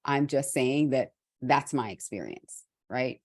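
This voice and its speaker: Slow, low-voiced Trinidad-raised woman. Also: no echo. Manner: candid, reflective, with restarts and soft laughs. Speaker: host. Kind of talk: motivational talk.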